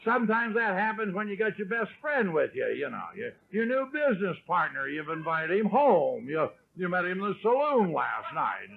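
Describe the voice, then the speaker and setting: A middle-aged man telling his story at a recovery meeting, wry and self-mocking, often clearing his throat. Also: sits high, big pitch swings, normal speed, few pauses, a little hiss or hum. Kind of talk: storytelling talk. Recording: tinny lo-fi 1970s tape.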